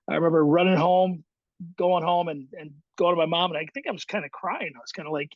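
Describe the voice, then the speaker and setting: A man's voice: fairly high pitch, steady tone, a little fast, dry recording, muffled recording. A middle-aged man, a guest in an interview, telling his story in a reflective way with many fillers and restarts. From Chicago, USA. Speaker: guest, high school baseball coach.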